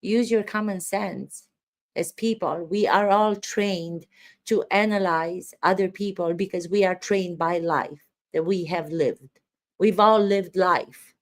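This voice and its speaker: A woman's voice: lowish voice, steady tone, slow. Emphatic woman acting coach. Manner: emphatic, rhetorical questions. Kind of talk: commentary on trial footage.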